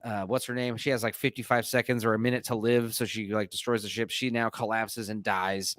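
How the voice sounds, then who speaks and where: A man's voice: on the low side, flat delivery, fairly quick, a bit bright, no room sound. A man hosting a podcast in loose, profane, rambling casual chat. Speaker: podcast host.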